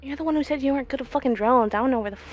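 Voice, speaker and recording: A woman's voice: high voice, very fast. A woman playing a tabletop role-playing game, brash, sweary and playful. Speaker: player. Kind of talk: casual tabletop game chat. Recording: dull lo-fi stream mic.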